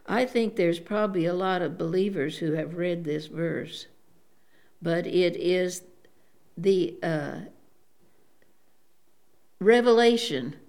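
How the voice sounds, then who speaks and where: An elderly woman giving a devout sermon, unhurried, often saying praise the Lord and pausing with fillers. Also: on the low side, darkish tone. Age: older. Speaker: preacher.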